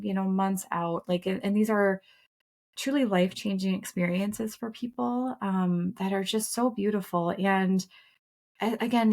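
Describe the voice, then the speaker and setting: A woman's voice: medium pitch, gravelly, darkish tone. Earnest, candid woman co-hosting a podcast. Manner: earnest, reflective, candid and occasionally profane. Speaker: podcast co-host. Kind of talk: casual podcast conversation.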